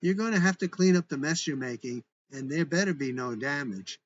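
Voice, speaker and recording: A man's voice: on the high side, animated, brisk, highs cut off. A man voicing a poised woman landlord who puts on an authoritative American business voice, with an indignant manner.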